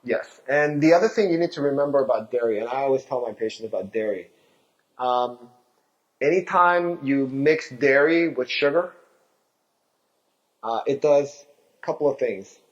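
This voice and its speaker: A man's voice: medium pitch, animated, moderate pace, long pauses. Man explaining health in dull lo-fi sound. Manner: explanatory, asks rhetorical questions. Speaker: physician. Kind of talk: health talk.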